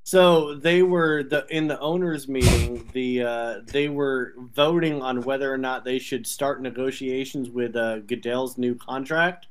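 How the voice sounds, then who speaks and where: A man co-hosting a sports podcast, telling stories in animated, profane banter and laughing often. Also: mid-range voice, unhurried, few pauses. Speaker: podcast co-host. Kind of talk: casual sports chat.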